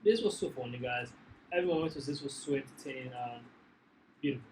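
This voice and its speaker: A man hosting a reaction video, excitedly praising what he watched. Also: medium pitch, fairly quick, a little hiss or hum, low-quality recording. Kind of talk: casual reaction chat.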